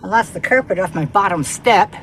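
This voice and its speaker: Woman vlogger, casual rambling phone-to-camera chat, mid-pitched, recorded inside a bus with clear storm noise. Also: animated, brisk. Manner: chatty, exclaiming, rambling asides. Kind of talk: casual vlog talk to camera. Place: inside a bus home during a sandstorm. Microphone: handheld phone.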